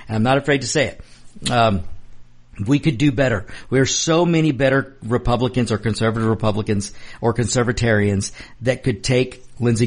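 A man hosting a political commentary show, talking fervently and repetitively while addressing his audience directly. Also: medium pitch.

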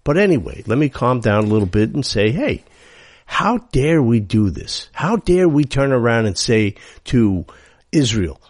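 A man's voice: medium pitch, big pitch swings, measured pace, breathy edge, no room sound, clean studio sound. A man hosting a talk radio show, delivering a heated, sarcastic monologue full of rhetorical questions.

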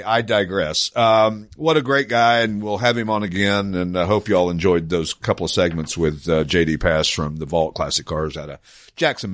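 Man, podcast host, low voice, dry studio sound, easygoing, rambling. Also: dry recording. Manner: easygoing, rambling, chuckles often. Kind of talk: casual radio-style podcast chat. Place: small studio.

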